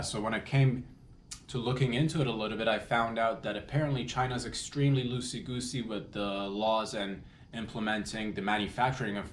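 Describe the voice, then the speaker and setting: Rambling man in an echoey room. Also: fairly low pitch. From Canada. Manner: meandering, self-correcting, loose and jokey. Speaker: comedy podcast host. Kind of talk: rambling solo comedy monologue. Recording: echoey room with faint noise.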